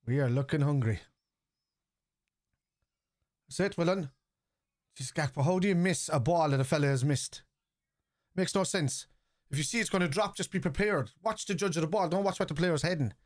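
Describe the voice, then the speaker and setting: A man's voice: fairly high pitch, moderate pace, pauses often, dry recording, clean studio sound. Chatty Irish man streaming football. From Ireland. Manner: chatty, swears, reads out chat and reacts to play. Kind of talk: casual live-stream chat.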